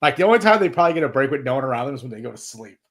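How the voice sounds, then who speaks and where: A man's voice: mid-range voice, very animated, racing, a bit bright. Laid-back man, podcast co-host. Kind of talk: casual chat.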